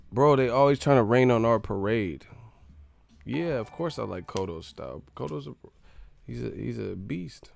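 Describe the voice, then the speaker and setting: A man hosting a boxing live stream, ranting in an animated, profane, laughing way. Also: mid-range voice, normal speed, vocal fry, no echo.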